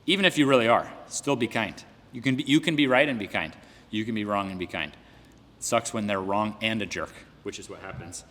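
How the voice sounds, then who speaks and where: A man's voice: lowish voice, fairly quick, fairly bright tone, in a large hall. A man speaking as a podcast guest on knee training, earnest and building to heated emphasis in casual conversation.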